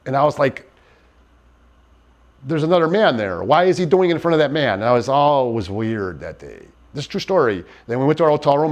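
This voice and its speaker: Man, interview testimony, halting, earnest, frequent restarts, mid-pitched voice. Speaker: interviewee in a docuseries.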